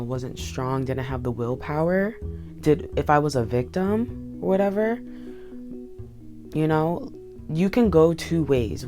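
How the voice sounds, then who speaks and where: Brief: vlog host, earnest and rambling, mid pitch, guitar music clearly underneath. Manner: earnest, rambling, repeats "you know". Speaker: channel host. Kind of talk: reflective vlog talk.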